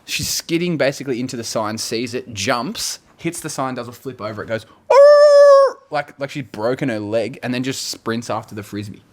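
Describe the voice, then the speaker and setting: A young man co-hosting a casual couch podcast, telling animated stories, swearing freely and slipping into silly voices. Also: medium pitch, brisk, hardly any pauses. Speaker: podcast co-host. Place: living room couch, dog nearby.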